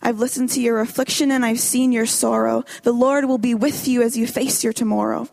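A woman performing a spoken word poem with a slow, dramatic and intense delivery. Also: on the high side, steady tone, gravelly, a little mellow. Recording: long hall reverb.

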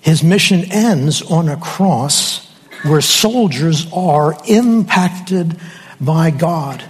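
A man preaching a sermon slowly and emphatically, with dramatic pauses. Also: fairly high pitch, expressive, slightly rough, big-room sound.

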